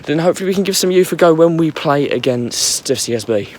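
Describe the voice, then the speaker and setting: A young man with a voice going hoarse, recapping a football match in casual rambling chat while walking outside at night. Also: on the high side, animated, quick pace. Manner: rambling, filler-heavy fan chat. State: losing his voice. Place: walking on a street at night outdoors.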